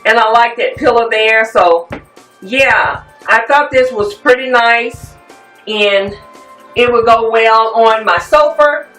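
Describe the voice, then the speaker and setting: A woman with a slightly high voice speaks slowly, chatting casually and rambling a bit as she shows her viewers some home decor finds. It's a relaxed show-and-tell, recorded at a distance in an echoey room with soft music playing.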